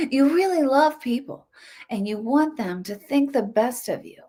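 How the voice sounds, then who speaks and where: A woman with a high voice that leaps all over the place, ranting and mocking as a commentary host. She talks in a sarcastic, animated way. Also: measured pace, slightly rough. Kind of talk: political commentary.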